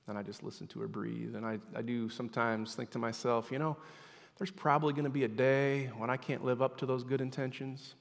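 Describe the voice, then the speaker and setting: A man in his thirties preaching a sermon, swinging between loud, emphatic passages and hushed, near-whispered ones. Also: mid-range voice, fairly even intonation, fairly quick, gravelly. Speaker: pastor. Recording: long hall reverb.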